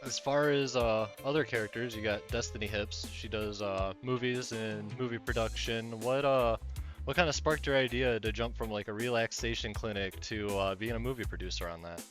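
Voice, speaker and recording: A man co-hosting a casual podcast about roleplay, chatting in a relaxed, rambling way with many fillers. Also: medium pitch, moderate pace, soft background music. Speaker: podcast co-host. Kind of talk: casual chat.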